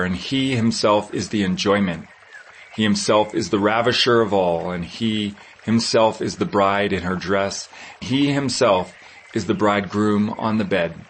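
Male scripture reader, solemn and measured, very slow delivery, slightly low voice. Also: a little hiss or hum, rough recording.

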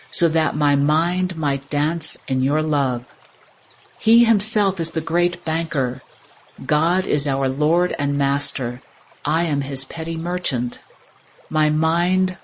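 Slow devotional scripture reader, solemn and measured, mid-pitched, faint hiss behind.

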